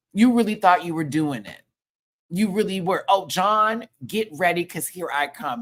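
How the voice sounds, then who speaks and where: A man's voice: on the high side, a bit bright. A man hosting a live review show, ranting in a sassy, heated and profane way full of slang. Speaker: show host reviewing a TV episode.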